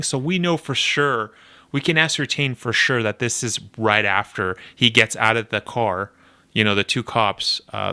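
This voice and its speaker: A young man casually commenting on a game trailer, animated and nitpicky, laughing often as he talks. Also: mid-range voice, clear, resonant tone. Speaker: video reactor.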